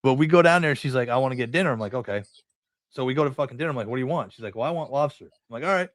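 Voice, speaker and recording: A middle-aged New England man hosts a podcast, racing through rambling, profane anecdotes and acting out the dialogue himself. His voice is mid-range, and the studio-quality recording has no room sound.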